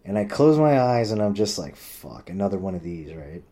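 A man's voice: big pitch swings, fairly quick, mellow, a little hiss or hum. A man telling a rambling personal story in casual chat, swearing often and acting out what others said. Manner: rambling, swears a lot, heavy use of "like"; acts out quoted people with pitch jumps.

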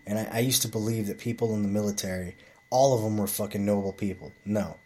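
A man's voice: fairly low pitch, fairly even intonation, quick pace, dark tone. Blunt, profane man telling a story. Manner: profane, blunt, rambling with restarts. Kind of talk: casual storytelling monologue.

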